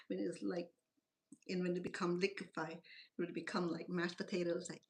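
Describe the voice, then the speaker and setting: A woman's voice: lowish voice, normal speed, vocal fry. A middle-aged woman with a Cambodian accent, a native Khmer speaker, hosting a home cooking channel and rambling through stories in broken English from her kitchen. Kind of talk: casual chatty cooking talk.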